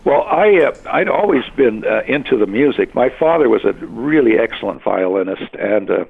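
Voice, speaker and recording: An older man from Western Canada, a veteran radio announcer, telling his story in an oral history interview with halting, rambling restarts. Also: mid-range voice, expressive, vocal fry, slightly rough. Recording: phone-like narrow sound.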